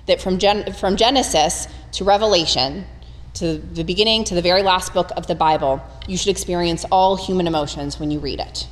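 A woman preaching a conversational, humorous sermon, retelling scripture with animated storytelling. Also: on the low side, long reverb tail.

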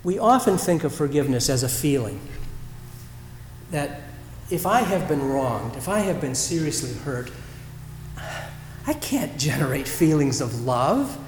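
Guy preaching, kinda reflective, lots of pauses, big roomy church echo. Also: fairly high pitch, very animated, a little hiss or hum. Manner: reflective, storytelling with pauses and restarts. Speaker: pastor. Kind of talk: sermon. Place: church sanctuary.

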